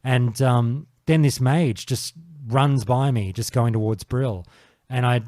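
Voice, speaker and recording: A man's voice: medium pitch, takes it slowly, a little mellow, dry recording, clean studio sound. A man hosting a casual gaming podcast panel, swearing freely and telling stories with animation. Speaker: podcast host.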